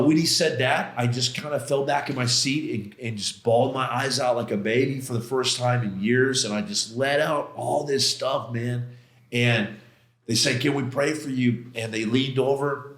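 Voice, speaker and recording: A man's voice: medium pitch, a bit bright. Emphatic man telling his story, roomy sound. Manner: emphatic, casual, slangy, re-enacts his own outbursts. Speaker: podcast guest. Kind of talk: personal storytelling in a conversational interview. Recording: roomy echo.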